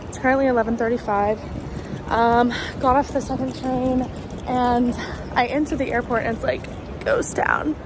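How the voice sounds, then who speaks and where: A young woman vlogging casually and excitably, full of fillers, talking into a handheld phone. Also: a little high, moderate pace. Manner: chatty, excitable, lots of fillers. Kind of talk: casual travel vlog. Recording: noisy phone video outdoors.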